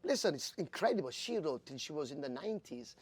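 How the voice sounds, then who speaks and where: A man in his fifties from Italy, a jockey telling stories in an interview, animated and laughing, acting out quoted voices. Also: on the high side, fast talker, husky. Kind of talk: storytelling in an interview.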